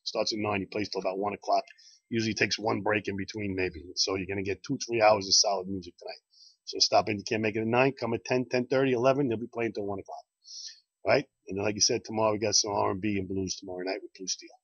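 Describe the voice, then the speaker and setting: Brief: quick, husky bar host with folksy, repetitive sales patter, recorded dull and lo-fi. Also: male voice, fairly low pitch, fairly even intonation, fairly bright tone, no room sound. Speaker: bar host promoting events. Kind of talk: casual promo talk and joke telling. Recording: dull lo-fi dry sound.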